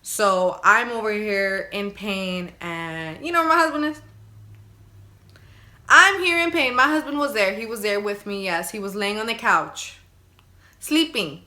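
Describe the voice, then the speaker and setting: A young woman casually telling her birth story to her viewers, chatty and animated, acting out her own crying and pleading. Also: medium pitch, measured pace. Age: young adult.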